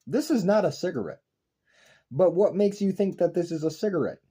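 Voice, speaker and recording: A man's voice: high-pitched, expressive, brisk, mellow, slightly rough. A young man lecturing his viewers in an intense, profane, repetitive philosophical rant to camera. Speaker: online video creator.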